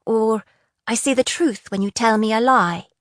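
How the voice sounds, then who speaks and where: A woman reading a defiant young female prisoner who answers with quick, indignant retorts. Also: fairly high pitch, no echo, clean studio sound, natural voice.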